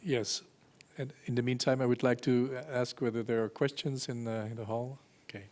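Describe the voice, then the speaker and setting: Male chair of a panel, hesitant moderator, plain mid-pitch voice. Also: flat delivery, moderate pace, a little mellow.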